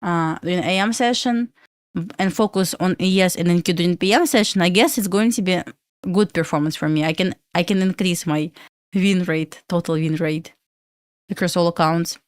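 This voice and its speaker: A woman's voice: lowish voice, moderate pace, clear, resonant tone, no room sound, studio quality. A young woman from Belarus with a Russian accent, hosting a casual trading livestream and answering questions from chat with lots of fillers.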